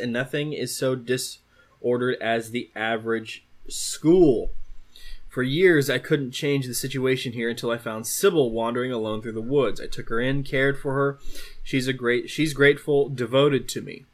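A man's voice: mid-range voice, measured pace, close to an everyday voice. A man reading as a gloating old school tyrant. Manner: gloating, self-satisfied threats. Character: menacing old male school cook obsessed with order.

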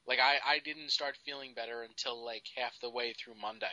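Bright-voiced male co-host, dry, slightly dull recording. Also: medium pitch, fairly even intonation, brisk, no echo. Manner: rambling, lots of "like". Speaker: podcast co-host. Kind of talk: casual podcast chat.

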